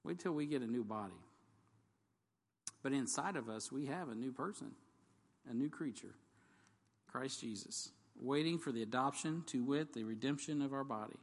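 A man's voice: mid-range voice, normal speed, pauses often. A man preaching a sermon in a conversational, jokey way, asking the congregation questions and reading scripture aloud. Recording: long hall reverb.

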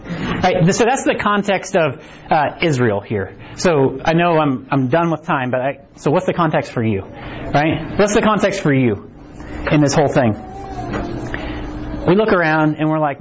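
Middle-aged male preacher with a high voice, chatty, acts out little quotes, dull lo-fi church recording. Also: expressive, moderate pace, a little hiss or hum. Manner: chatty, acts out quotes, keeps asking "right?". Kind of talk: casual conversational sermon.

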